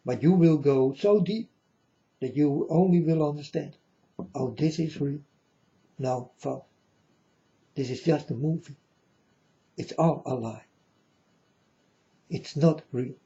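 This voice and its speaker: A man's voice: a little high, slow pace, pauses often, dark tone, muffled recording. Earnest man warning his folks. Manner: repetitive, earnest, addresses listeners as folks. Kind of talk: rambling spoken warning to viewers.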